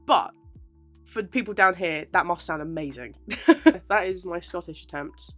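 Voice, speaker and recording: A woman's voice: on the low side, moderate pace, pushed and bright, soft background music. A 21-year-old woman, chatting casually to camera in a self-deprecating way and laughing often. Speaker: aspiring actress vlogger.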